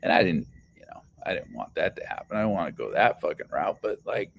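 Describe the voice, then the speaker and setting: Man, lower voice, casual livestream, profane, rambling, restarts a lot. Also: big pitch swings, a little fast, gravelly, a little hiss or hum. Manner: profane, heated storytelling; loose and rambling, many restarts. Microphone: phone on livestream.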